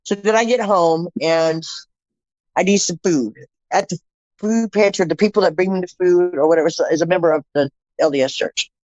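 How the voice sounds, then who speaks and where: A woman's voice: fairly low pitch, normal speed, dry recording. Middle-aged woman telling her story, dry and muffled. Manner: animated, acts out quoted dialogue, repeats phrases for emphasis. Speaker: podcast guest. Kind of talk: personal testimony storytelling.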